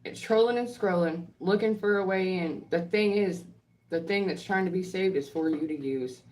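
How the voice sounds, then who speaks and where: Low-voiced woman ranting bluntly at trolls. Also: normal speed, a little mellow. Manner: blunt, profane and confrontational, with emphatic repetition. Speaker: online creator and healthcare professional. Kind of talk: heated monologue answering trolls.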